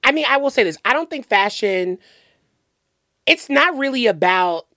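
A man from the southern United States chats as a podcast guest, his pitch swooping up and down as he talks. He speaks animatedly and loosely, stacking "like"s and restarting thoughts. The mic is close and dry, with no room sound. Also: moderate pace, no echo. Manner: animated, filler-heavy, lots of "like" and restarts. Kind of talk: casual chat.

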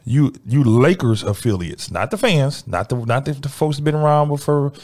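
A man's voice: medium pitch, normal speed. Emphatic man arguing sports. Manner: emphatic, animated, slangy. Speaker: sports podcast co-host. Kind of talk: casual sports debate.

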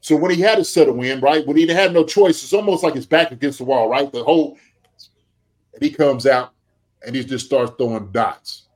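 A man who played tight end, giving animated sports analysis, full of rhetorical "okay?" and "right?" check-ins. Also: mid-range voice, normal speed. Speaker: podcast co-host, former tight end.

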